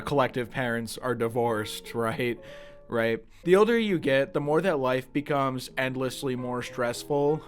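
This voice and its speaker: A young man doing a sarcastic commentary vlog with mocking, deadpan asides. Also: mid-range voice. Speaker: video creator.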